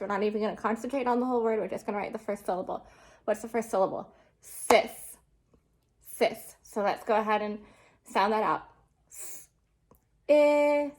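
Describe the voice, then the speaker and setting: A young adult woman teaching a remote lesson, slowly and patiently sounding out words for children. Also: medium pitch.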